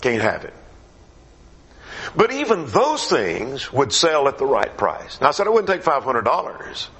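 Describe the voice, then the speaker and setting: A man preaching a gospel meeting sermon in a conversational way, his questions rising and his phrases dropping low at the end. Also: wildly swooping pitch, a little slow, fairly bright tone.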